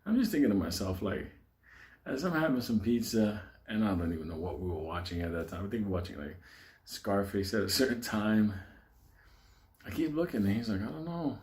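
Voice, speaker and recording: Male comic storyteller, profane, animated, chuckling through it. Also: lowish voice, a little fast. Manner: profane, animated, laughs while telling.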